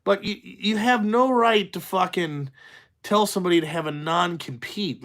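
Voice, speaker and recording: A man's voice: high-pitched, normal speed, a bit bright. A man who drives trucks, ranting casually for his channel, blunt and profane, full of fillers and "you know what I'm saying?". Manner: talks in loose run-on asides, asks "you know what I'm saying?".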